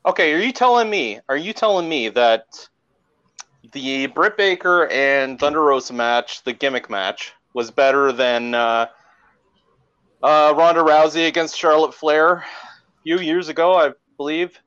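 A man's voice: on the high side, a little slow, a bit bright, clear, resonant tone, muffled recording. A man co-hosting a casual chat, challenging others and swearing freely. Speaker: podcast co-host. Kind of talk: casual debate.

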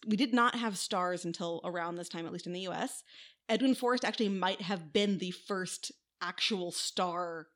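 A woman from the American Midwest co-hosting a podcast, telling history in a chatty way with wry asides. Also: mid-range voice. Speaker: podcast co-host. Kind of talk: casual history podcast chat.

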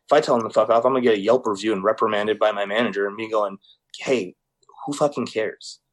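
Animated, swearing young man storyteller. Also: lowish voice, fast. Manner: animated storyteller, swears freely, acts out quoted people. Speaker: podcast co-host. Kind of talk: casual chat.

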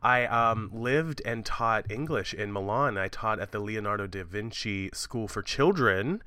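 Guy in his 30s cohosting a crime podcast, rambly and chatty, bright clear voice. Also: lowish voice, measured pace, no echo. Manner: chatty, rambling with fillers and laughs. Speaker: podcast co-host. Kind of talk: casual true-crime chat.

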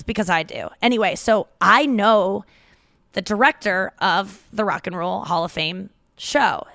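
A woman co-hosts a podcast in loose, casual chat, rambling and gushing as she goes. Her voice sits at an ordinary middle pitch and is close-miked in a dry, dead studio sound. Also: a bit bright, no room sound. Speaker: podcast co-host.

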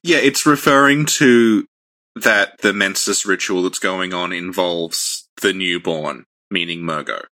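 A man co-hosting a casual game lore podcast, dry and deadpan. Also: low-pitched, slow. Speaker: podcast co-host.

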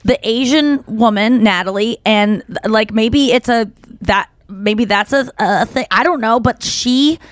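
A woman hosting a podcast, telling stories in a rambling, animated way with lots of fillers. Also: on the high side, a little slow, no room sound, studio quality. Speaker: podcast host. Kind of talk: casual chat.

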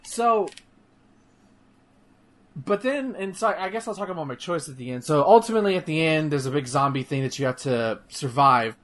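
A man streaming games, chatting casually in an animated, profane, rambling way with many restarts. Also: fairly high pitch, moderate pace. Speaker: streamer discussing a game. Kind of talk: casual chat.

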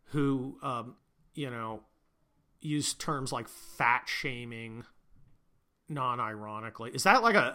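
A man's voice: a little high, sharp tone. A man hosting a podcast, ranting sarcastically and profanely in a rambling way. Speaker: podcast host. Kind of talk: sarcastic political rant.

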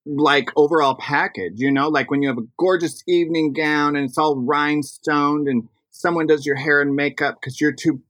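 A man who performs in drag, telling stories in a casual interview, animated and full of fillers. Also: a little high, normal speed, no echo. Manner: animated storytelling, chatty with fillers.

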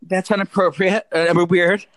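A man co-hosting a podcast, chatting crudely and excitably about celebrity gossip. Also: high voice, measured pace, no room sound, rough recording. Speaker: podcast co-host. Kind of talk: casual gossip chat.

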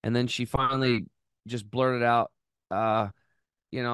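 Man, podcast host, smooth clear voice, dry close sound, earnest storytelling, frequent restarts. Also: medium pitch, measured pace, dry recording. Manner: earnest, animated retelling with many restarts. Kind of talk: emotional storytelling.

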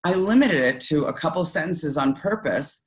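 A woman's voice: sits low, moderate pace. Woman acting out sample dialogue. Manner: lively, acts out quoted dialogue in other voices. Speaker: author and guest giving advice. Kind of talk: conversational advice in an interview.

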